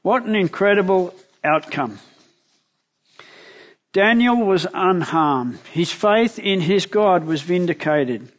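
Guy preaching, takes his time, pitch a bit on the high side, keeps asking the congregation stuff. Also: expressive, slow. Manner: asks the listeners questions, retells the story vividly. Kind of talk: sermon with Bible storytelling.

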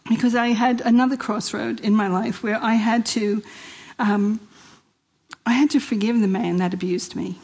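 A middle-aged woman from New York with a New York accent, giving a lively personal testimony at a women's church event and acting out the dialogue in her stories. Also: a little high, moderate pace, breathy edge, rough recording. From Queens, New York. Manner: lively storyteller who acts out quoted dialogue and laughs often.

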